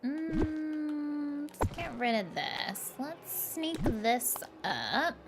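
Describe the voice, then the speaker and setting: A woman's voice: sits high, expressive, very slow, background noise. A young woman chatting casually and playfully as she plays a game on a live stream, laughing often.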